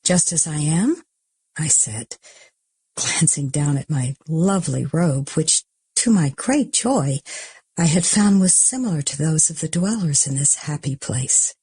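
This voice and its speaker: A woman reads an audiobook in a husky, breathy voice, dropping often into a half-whisper. Her tone is mellow and low-pitched, and the sound is dry and close. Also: expressive, a little slow, no room sound. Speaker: audiobook narrator. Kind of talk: audiobook reading.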